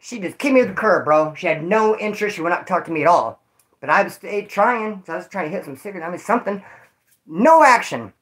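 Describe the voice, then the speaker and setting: A man's voice: high voice, animated, fast talker, a bit bright. A man casually telling stories to his viewers, rambling, jokey and full of swearing. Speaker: vlogger telling prison stories.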